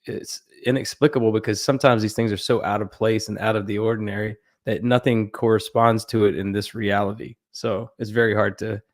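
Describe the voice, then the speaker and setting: Man, podcast host, low voice, flat delivery, restarts. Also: a little fast, hardly any pauses. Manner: searching for words, restarts. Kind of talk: casual talk show chat.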